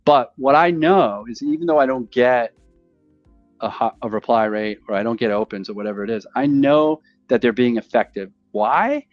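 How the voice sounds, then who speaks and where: An animated man rambles through sales talk, acting out calls in a lively voice that jumps up and down in pitch. The audio is dull and lo-fi, with faint music underneath. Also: normal speed, dry recording. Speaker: podcast host. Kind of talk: casual conversation about sales calls.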